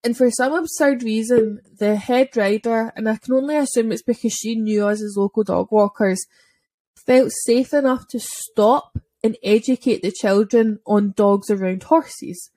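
A woman with a fairly high voice tells a long personal story in a relaxed podcast chat. She talks loosely, with lots of "like" fillers, and keeps the story vivid. The sound is dry and close, with no room echo. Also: unhurried. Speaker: dog owner and podcast speaker.

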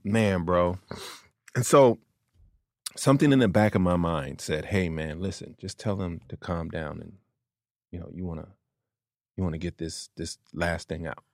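Comedian guest, male, deep gravelly voice, dry close sound, lively storyteller. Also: no room sound. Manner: animated storyteller, acts out quotes, laughs often. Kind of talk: casual storytelling chat.

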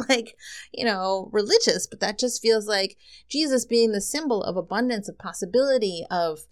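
A woman hosting a solo podcast, reading tarot cards and talking in an excited, effusive way. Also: mid-range voice. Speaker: podcast host.

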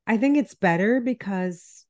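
A woman's voice: mid-range voice, expressive, unhurried, a little mellow, muffled recording. A woman health coach with a stuffy, nasal voice from a cold, chatting casually and a little apologetically as a podcast co-host. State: congested, under the weather.

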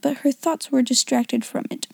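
A woman reading a classic novel aloud as an audiobook narrator, in an even, measured manner. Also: high-pitched, gravelly, slightly rough, no room sound. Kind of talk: scripted narration.

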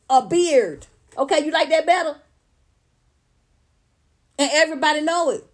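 This woman's voice sits high, and she talks a little slowly with long pauses. She's a livestream commentator on an unscripted rant, profane, blunt and emphatic, aimed straight at her viewers and chat.

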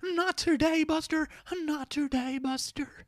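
A man putting on a silly, high, drawn-out impression of a film actor's voice on a comedy podcast. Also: fairly even intonation. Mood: mock-dramatic. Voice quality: high, drawn-out, mock-dramatic.

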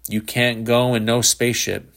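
A man voicing a sly, defiant teenage boy who makes flat, knowing pronouncements about damnation. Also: mid-range voice, normal speed, creaky.

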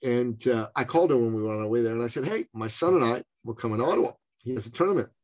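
A middle-aged man from Canada telling a personal story in conversation, animated and acting out the voices of others. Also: mid-range voice, rapid-fire. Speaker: speaker and business coach.

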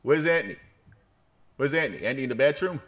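A man's voice: mid-range voice, expressive, quick pace, fairly bright tone, voice pushed up, natural voice. A man acting out an uncle who calls out again and again for his nephew. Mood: calling. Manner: insistent repeating.

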